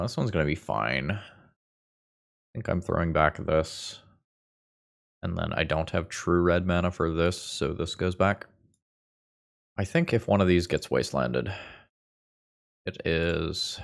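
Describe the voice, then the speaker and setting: A man's voice: rumbling low, gravelly. A young man with a congested voice giving casual commentary on a card game as he plays, thinking aloud with dry quips. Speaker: Magic gameplay video host.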